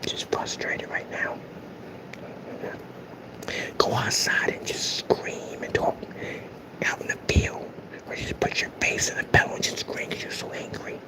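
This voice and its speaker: A man doing a whispered role-play as a mock ASMR host, slowly and breathily soothing angry trolls in a teasing way. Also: close to an everyday voice, low-quality recording. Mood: mocking calm.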